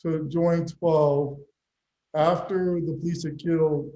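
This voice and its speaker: A man interviewing an author over a video call, asking questions in a halting way with stuttered restarts. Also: a little high, flat delivery, mellow. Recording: dull, echoey room audio.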